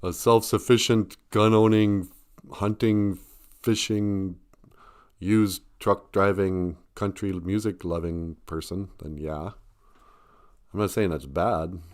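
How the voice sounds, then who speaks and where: Low-ish guy rambling on a comedy live stream, laughs a lot, self-deprecating. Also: steady tone, slow, darkish tone. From Ojibwe community.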